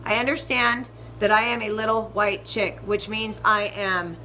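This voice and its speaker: A young woman telling a ranting storytime vlog, swearing freely and swinging between loud outbursts and muttered asides. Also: medium pitch, steady tone, normal speed, a little hiss or hum, rough recording. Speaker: vlogger.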